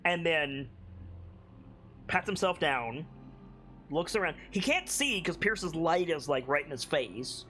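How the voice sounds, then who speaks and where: A man's voice: a little high, animated, takes it slowly, long pauses, sharp tone, slight background noise. A man running a tabletop game as game master, describing scenes in a laid-back way with lots of "like"s.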